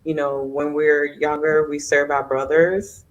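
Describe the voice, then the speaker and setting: Soft-spoken woman from the South. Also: low voice, little pitch movement, measured pace, lo-fi sound. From Southern United States. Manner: soft, reflective, with many fillers. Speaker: guest. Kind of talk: casual conversation on a podcast.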